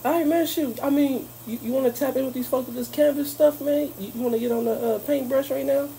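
A woman's voice: high voice, fairly even intonation, fast talker, vocal fry, warm tone, a little hiss or hum, poor audio. A woman hosting a podcast, talking in loose, joking, profane banter. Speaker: podcast host. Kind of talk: casual chat.

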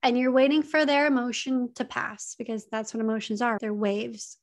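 Earnest woman giving advice, slightly high voice. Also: little pitch movement, normal speed. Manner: earnest, repeats key points, conversational fillers. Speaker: advice speaker on emotional abuse. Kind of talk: direct-to-camera advice talk.

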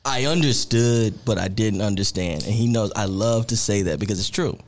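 In a casual podcast chat, a man with a lowish voice tells stories animatedly at a moderate pace, acting out what people said.

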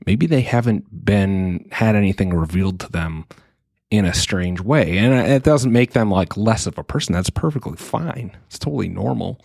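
A man in his thirties talks alone into a close microphone, with a fairly low voice. He muses earnestly and thinks aloud, often restarting his sentences. The sound is dry, with no room echo. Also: normal speed, creaky. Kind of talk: reflective solo monologue.

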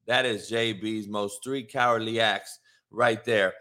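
A man hosting a live morning stream, ranting profanely and confrontationally, mocking and shouting at his chat. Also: lowish voice, fairly even intonation, a little slow. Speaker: live show host. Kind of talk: brash live-stream rant.

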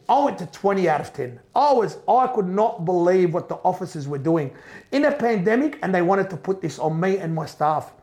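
Middle-aged man, high pitch, heated first-person storytelling. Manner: animated, repeats and restarts, acts out quoted voices. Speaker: business owner telling his story.

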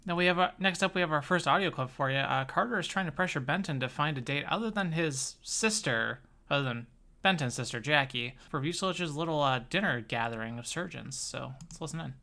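A woman's voice: deep voice, lively intonation, a little fast, bright, forceful tone. A woman from Chicago co-hosting a podcast, introducing clips in breezy, casual chat. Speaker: podcast co-host.

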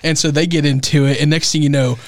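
A man's voice: on the high side, steady tone, quick pace, no room sound. A man co-hosting a podcast, telling casual stories in a laid-back way and swearing freely. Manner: laid-back, profane storyteller. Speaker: podcast co-host. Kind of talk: casual chat.

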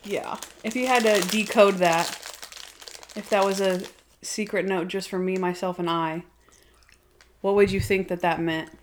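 A woman's voice: medium pitch, fairly even intonation, a little slow, long pauses, slight background noise. A woman hosting a podcast, upbeat and teasing as she leads her co-host and moves between segments. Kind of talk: casual chat.

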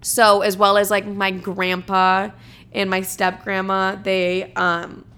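A woman's voice: mid-range voice, monotone, slow, sharp tone, clear, resonant tone. A young woman vlogger speaking candidly to her viewers, casual and full of filler words and swearing. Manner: casual, swears often, heavy use of "like". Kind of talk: candid personal storytelling to camera.

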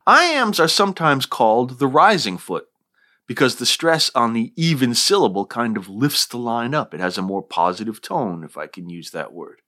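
A man's voice: medium pitch, big pitch swings, normal speed, bright, forceful tone. A middle-aged man hosting an educational podcast, reading a scripted lecture with wry, dry asides. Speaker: podcast host explaining poetry.

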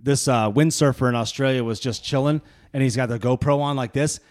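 A man's voice: mid-range voice, fairly even intonation. A man hosting a podcast in casual chat, rambling through stories and acting out quotes. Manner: fast, rambling storyteller, acts out quotes. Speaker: podcast host.

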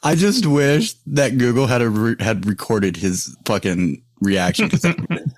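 A man's voice: mid-range voice, very animated, normal speed, dry recording. A male podcast host in casual chat, swearing freely, laughing often and rambling through stories.

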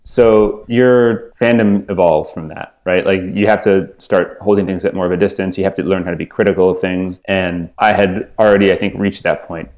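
A man's voice: deep voice, steady tone, moderate pace, hardly any pauses, darkish tone. A man from the Los Angeles area, an author being interviewed, talking thoughtfully with lots of fillers and restarts. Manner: thoughtful, rambling with many fillers. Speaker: author guest. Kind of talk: casual interview over video call.

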